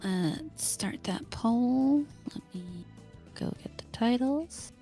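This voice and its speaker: A woman co-hosts a podcast with dry, joking asides while she reads out listener questions. Her voice sits a little higher than most. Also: lively intonation, takes it slowly, mellow, soft background music. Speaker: podcast co-host. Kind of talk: casual chat.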